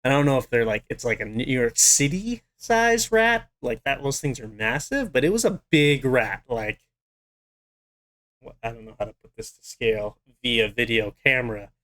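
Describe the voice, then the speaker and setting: A man's voice: medium pitch, moderate pace, a bit bright. Young man telling a dramatic story. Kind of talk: casual storytelling vlog.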